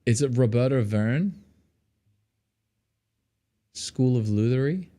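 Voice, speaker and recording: A man's voice: medium pitch, lively intonation, slow. A man who teaches guitar online, chatting playfully with viewers during a live feedback session. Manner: playful, chatty, reacts to chat messages. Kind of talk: casual live-stream chat with viewers. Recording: loud guitar music under the voice. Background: loud guitar music.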